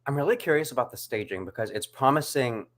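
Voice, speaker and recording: Expressive co-host, animated, laughs a lot and swings the pitch widely. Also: fast. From United States. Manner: animated, laughs often, leans on "like". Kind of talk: casual chat.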